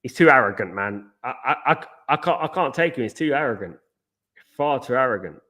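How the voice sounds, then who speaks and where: Guy rambling through a live football watchalong, mid-pitched, chatty, off on tangents. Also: expressive, brisk, sharp tone. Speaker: watchalong host.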